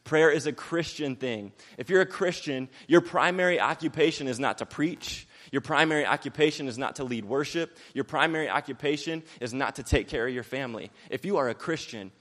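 A young man preaching a sermon quickly and energetically, mixing in jokes and acted-out quotes. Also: medium pitch, fairly bright tone, in a large hall.

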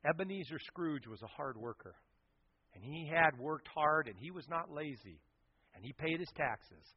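A pastor preaching a sermon, telling stories with animation and swinging from loud to hushed. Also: male voice, on the high side, lively intonation, normal speed, husky, dry recording. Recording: dull lo-fi sound.

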